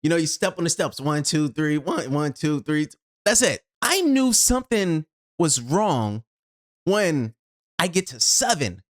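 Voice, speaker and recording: A video host telling a personal story in an expressive way, acting out their own reactions and swinging between loud outbursts and low asides, recorded in a home studio on a shotgun mic. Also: a little slow.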